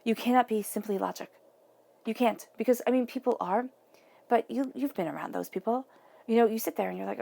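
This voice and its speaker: A woman's voice: on the high side, fast, vocal fry, dark tone. A woman giving a tarot reading, talking earnestly and directly to the viewer in a casual, conversational way. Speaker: tarot reader.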